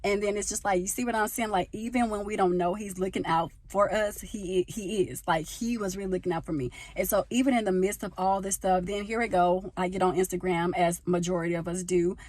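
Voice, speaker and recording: A young woman from the United States talking casually into a handheld phone, telling a personal story and getting louder as she gets passionate. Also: mid-range voice, fairly quick, few pauses, dry recording. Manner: animated, gets loud when passionate. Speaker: vlogger. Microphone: phone held in hand.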